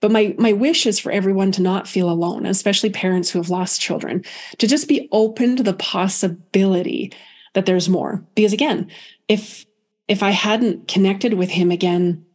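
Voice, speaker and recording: A woman medium telling a personal story in a soft, reflective way, with many pauses and restarts. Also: medium pitch. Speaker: guest medium.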